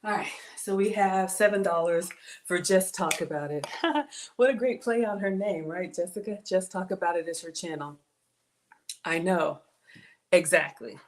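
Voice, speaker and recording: A woman's voice: lowish voice, moderate pace. A woman with a Southern US accent hosting a casual cooking livestream, chatting with viewers and thanking them often, trailing off and restarting her sentences. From Southern United States.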